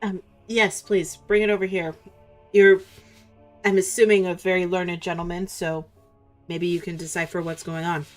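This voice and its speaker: Woman player, kinda low voice, playful, laughs a lot, faint music. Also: level tone, normal speed. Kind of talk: tabletop role-play chat.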